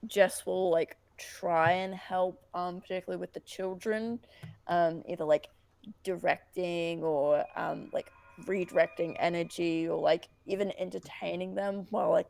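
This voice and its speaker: A woman playing a tabletop game, speaking very slowly in a low, gravelly voice. She sounds casual and hesitant, and the recording is dry and close. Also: fairly even intonation, a little mellow, no room sound. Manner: casual, hesitant, many fillers. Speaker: player.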